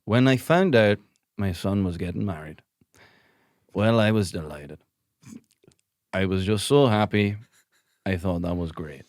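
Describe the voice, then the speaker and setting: A man putting on a slow, deadpan Northern Irish father giving a wedding speech. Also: sits low, no echo, clean studio sound, pitched below the performer's own voice.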